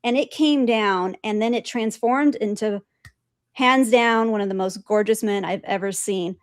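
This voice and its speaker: A woman guest telling her spiritual experiences in an animated way, laughing often and acting out quotes. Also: mid-range voice, a little slow, smooth, no room sound, studio quality. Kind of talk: storytelling in conversation.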